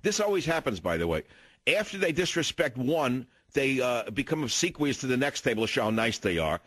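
A man's voice: medium pitch, sing-song, brisk, fairly bright tone, dry recording. An older man hosting a talk radio show, telling indignant stories in a ranting, opinionated monologue into a studio mic.

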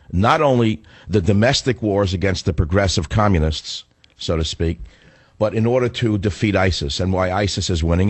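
A man's voice: low-pitched, darkish tone, slightly rough, dry recording. A male radio host who is getting over the flu and has a cough, delivering a combative, sarcastic talk radio monologue. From northern United States. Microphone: studio microphone.

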